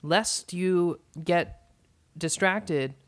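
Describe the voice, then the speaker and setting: A podcast host with a deadpan, whimsical manner, chatting casually. The voice sits at mid pitch, relaxed and steady. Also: extremely slow. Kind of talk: casual chat.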